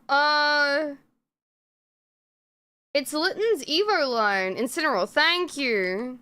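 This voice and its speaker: A woman's voice: high voice, lively intonation, extremely slow, pauses often, bright, forceful tone, a little hiss or hum. A woman streamer chatting casually on a live stream, rambling with lots of fillers and frequent swearing.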